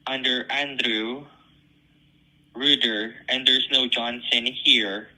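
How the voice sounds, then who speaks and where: A man's voice: medium pitch, steady tone, slow, bright, forceful tone. A man on a phone call as a debt collection caller, polite, patient and scripted.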